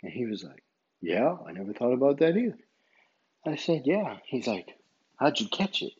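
A man's voice: medium pitch, big pitch swings, normal speed, a little mellow, dull audio, a little hiss or hum. A man who referees basketball, casually telling a story in a rambling way and retelling each exchange line by line. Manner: rambling, retells dialogue with many "I said".

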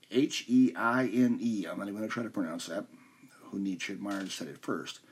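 A man's voice: on the low side, slightly rough. A man hosting a podcast, explaining a philosophy text in an informal, conversational way and stumbling over names now and then. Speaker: podcast host. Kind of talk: casual explanatory podcast talk.

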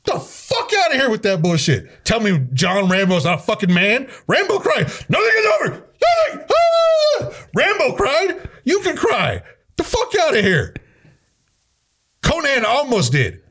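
A man's voice: high-pitched, huge pitch swings, unhurried, a bit bright, husky. A man ranting in casual, profane chat, heated and swearing constantly as a podcast co-host.

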